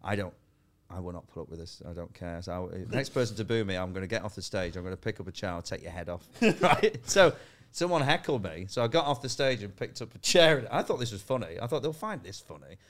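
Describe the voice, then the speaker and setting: Lively man spinning rude comedy anecdotes. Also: on the low side, fast talker, few pauses, slight background noise. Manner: swearing, laughing storyteller who acts out voices. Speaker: comedian guest. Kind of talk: casual podcast chat, telling stand-up stories.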